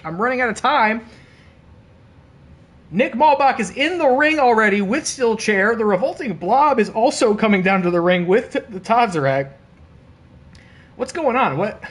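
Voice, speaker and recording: Excitable, high-voiced male game streamer. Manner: excitable, laughing, bursts of disbelief; swears casually, playful trash talk. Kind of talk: casual live-stream commentary.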